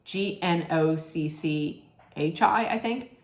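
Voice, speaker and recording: A woman's voice: low voice, slow. Blunt woman ranting in a roomy echo. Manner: rambling, blunt, swears freely. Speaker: reality TV recap vlogger. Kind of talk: casual rant.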